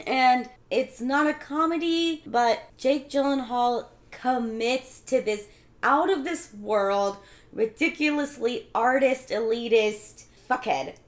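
Woman, casual chat, slightly high voice, emphatic and easygoing. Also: slow pace. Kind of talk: casual chat among friends.

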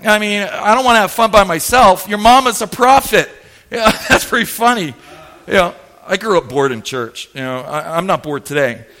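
A male pastor preaching with playful humor, retelling a story in an animated, joking way. His voice is high and has a bright, forceful edge. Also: moderate pace. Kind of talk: sermon.

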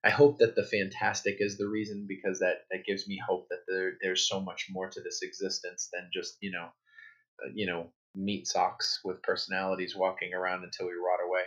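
A man in his thirties, a guest author, telling a personal story in a relaxed, rambling way with many fillers and restarts. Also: deep voice, fairly quick. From New Hampshire, United States. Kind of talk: conversational interview storytelling. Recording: dull lo-fi audio.

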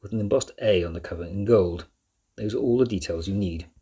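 A man reading as a scheming aristocratic earl, deep husky voice, smooth, clipped. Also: a little fast, warm tone. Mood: curt. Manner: smooth and clipped, snapping through gritted teeth. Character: scheming aristocratic male earl, cold and controlling.

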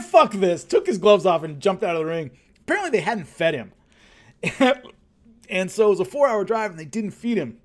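A man casually recounting his fighting days, lively and acting out what others said, with hiccups. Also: on the high side. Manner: animated, acts out quotes of others. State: has hiccups. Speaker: former show fighter telling stories. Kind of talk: casual storytelling.

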